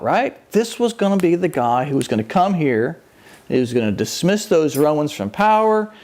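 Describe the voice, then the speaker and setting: A man's voice: high voice, a little mellow. A man preaching a conversational sermon, telling the story with animation and acting out the people in it. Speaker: pastor.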